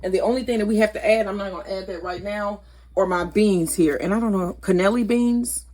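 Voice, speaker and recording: A woman's voice: mid-range voice, steady tone, fast, darkish tone. A woman hosting a casual cooking vlog in her home kitchen, chatty and correcting herself as she goes. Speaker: cooking channel host.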